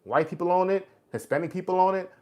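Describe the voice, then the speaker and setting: A man's voice: high-pitched, fast talker, darkish tone. Blunt, preachy man in his forties. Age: 40s. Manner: blunt, preachy street talk with "bro" and "man". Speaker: livestream host. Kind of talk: casual live chat reading comments.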